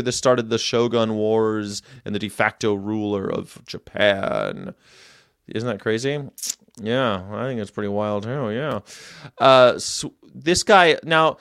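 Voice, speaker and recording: A man's voice: mid-range voice, a bit bright, clear, resonant tone, no echo, studio quality. A man hosting a casual livestream, rambling and chatty as he reacts to viewer comments and tells history tidbits. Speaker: host.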